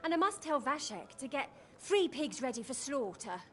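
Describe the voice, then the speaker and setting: An actress playing a busy woman of the house, briskly listing chores. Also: high-pitched, very animated, fairly bright tone, slight background noise.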